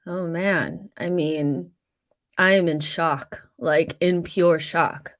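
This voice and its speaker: A woman's voice: fairly low pitch, fairly even intonation, slow pace. A woman on a fan panel, talking frankly and at length about a football match. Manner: candid, talkative, frank. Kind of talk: casual match reaction.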